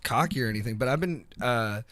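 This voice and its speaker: A man chats as a podcast guest and tells his stories in a loose, meandering way. His speech is thick with "like" and "dude". His voice sits at a middle pitch and comes through a close mic with a dry, unreverberant sound. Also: expressive, fast talker, a bit bright, no room sound. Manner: loose, slangy, heavy use of "like" and "dude". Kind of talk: casual storytelling chat.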